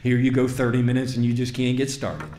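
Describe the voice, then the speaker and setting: A male pastor preaching a sermon in a church, moving from quiet asides to fervent, rising preaching. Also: medium pitch, brisk, slight background noise. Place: church sanctuary. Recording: roomy church reverb.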